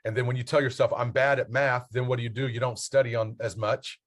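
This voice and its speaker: A man's voice: mid-range voice, steady tone, fast talker. A man, a basketball coach and mentor, talking as a podcast guest, earnest and motivational as he spells out his acronyms.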